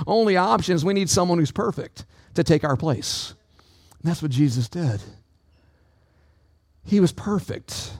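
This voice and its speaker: High-voiced man preaching a sermon. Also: no echo, clean studio sound. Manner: preaching with call-outs to the congregation; dynamic delivery, swinging pitch and pace. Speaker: pastor.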